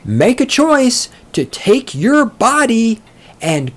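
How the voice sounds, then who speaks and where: Male podcast host, slow deliberate delivery, swinging pitch, sarcastic and profane, reads quotes aloud and then mocks them. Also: very animated, fairly bright tone. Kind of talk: solo book-discussion podcast.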